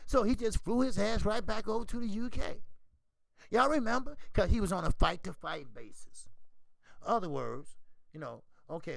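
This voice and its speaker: A man hosting a boxing channel, talking casually in animated, profane trash-talk. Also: high voice, normal speed, gravelly, no room sound. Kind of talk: casual commentary.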